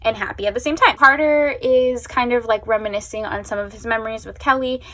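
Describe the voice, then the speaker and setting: A woman's voice: a little high, fairly quick, a bit bright. A young woman chatting casually at home as a book vlogger, gushing and emotional, with lots of fillers. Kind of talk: casual chat.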